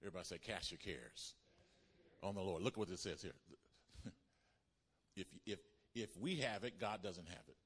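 A male pastor preaching a sermon with call-and-response, swinging between loud emphatic lines and hushed, quiet ones. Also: deep voice, moderate pace, pauses often, husky. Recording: reverberant hall.

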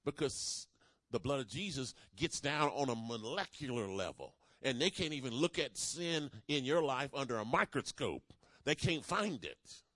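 A man's voice: medium pitch, expressive, normal speed, sharp tone, no echo. A man preaching a sermon, leading the congregation in call-and-response and building to emphatic declarations. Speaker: pastor.

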